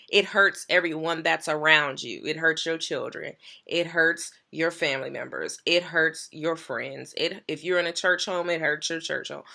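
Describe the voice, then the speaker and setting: A woman's voice: sits low, sharp tone. A woman pastor sharing a personal story in an earnest, emphatic way, repeating key phrases.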